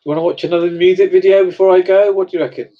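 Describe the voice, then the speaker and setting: A man's voice: high voice, fairly even intonation, rapid-fire, narrow, tinny audio. A man hosting a live stream, chatting casually and reading viewer comments aloud as he reacts to them. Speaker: livestream host.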